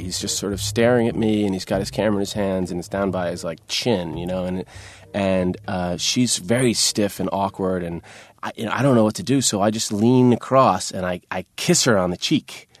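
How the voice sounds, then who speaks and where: A man, an actor, telling a funny personal anecdote in a casual, animated way with many restarts and fillers. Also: on the low side. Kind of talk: casual storytelling interview.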